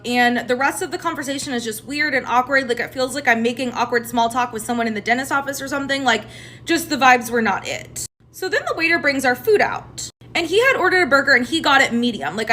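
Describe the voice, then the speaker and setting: A young woman telling a dating story to camera, animated and sarcastic, acting out each person's lines. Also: on the high side, fast, a little hiss or hum. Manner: animated, sarcastic, acts out both sides of the dialogue. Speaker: TikTok storyteller.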